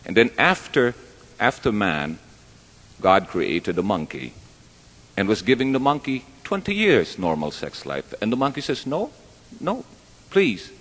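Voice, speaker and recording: On stage before a live crowd in a large hall, a man with a lowish, very animated voice tells jokes at an unhurried pace, his tone a bit bright. He's chatty and rambling, poking fun at himself throughout his stand-up set. The recording carries a long hall reverb.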